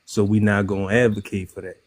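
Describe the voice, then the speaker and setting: A man's voice: lowish voice, flat delivery, fast talker, a little mellow, no echo. A man in his thirties with a New Orleans accent, speaking bluntly and in slang as a guest on a live online panel. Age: 30s.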